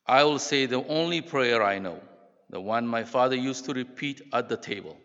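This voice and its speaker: A man's voice: medium pitch, moderate pace, a bit bright, natural voice. A man reading out a story, voicing a terrified man who pleads breathlessly while running from a bull. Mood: panicked. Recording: dull sound with long hall reverb.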